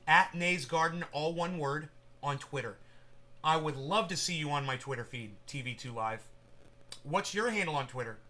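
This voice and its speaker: A man chatting on a livestream in a high, bright voice that has a forceful edge. He rambles from point to point, swears freely and calls out to viewers by name as they type in chat. It is loose, unscripted talk. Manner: rambling, profane, talks straight to viewers in chat. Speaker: livestream host.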